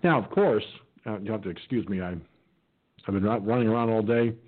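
A man's voice: fairly low pitch, fairly quick, slight background noise. A man hosting a political talk radio show, rambling with many fillers and restarts, who says he has not eaten and may sound like his mouth is full. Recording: tinny phone-like line.

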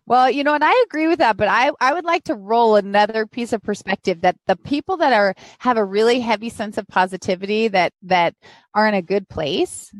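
A woman's voice: fairly high pitch, a little fast, no room sound. A woman hosting an interview, agreeable and encouraging, laughing along with her guest. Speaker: host. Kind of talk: casual interview chat.

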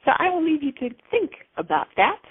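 A woman's voice: sits high, a little fast, no room sound, narrow, tinny audio. A woman hosting a spiritual podcast, retelling a personal story dramatically and acting out the voices. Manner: animated, dramatic retelling with acted quotes. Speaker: podcast host.

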